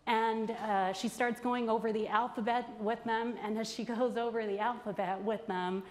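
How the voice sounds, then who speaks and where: Conference host, woman in her thirties, higher voice, storytelling with pauses, reverberant hall. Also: steady tone. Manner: storytelling, warm anecdotal delivery with pauses. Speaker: conference host introducing candidates. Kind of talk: speech to a conference audience.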